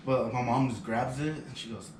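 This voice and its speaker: A young man on a podcast, telling stories excitably and swearing as he goes. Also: mid-range voice, moderate pace. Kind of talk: casual chat. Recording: echoey room from a distance, loud hiss.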